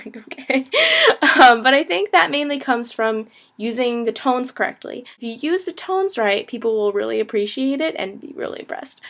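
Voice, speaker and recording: A woman's voice: a little high, expressive, moderate pace, a bit bright. A woman in her twenties gives a casual video lesson, chatty and laughing easily, full of "like" and "you know". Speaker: language teacher, travel vlogger.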